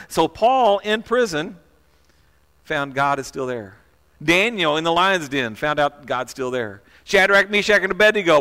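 Guy preaching a sermon, keeps asking the crowd questions, bright voice, echoey hall. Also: a little high. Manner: conversational, asks the listeners questions, repeats words. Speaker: pastor.

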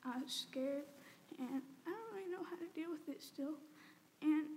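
A teenage girl giving an emotional personal testimony, halting and tearful, with many "like"s and "um"s. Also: high-pitched, darkish tone. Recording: long reverb, faint background noise.

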